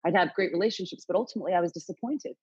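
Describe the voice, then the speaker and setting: A woman's voice: on the low side, racing, a little mellow, breathy edge, no echo, highs cut off. A woman in her late forties, a podcast guest telling her story frankly, swearing freely and acting out her own inner dialogue. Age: late 40s. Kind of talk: candid interview storytelling.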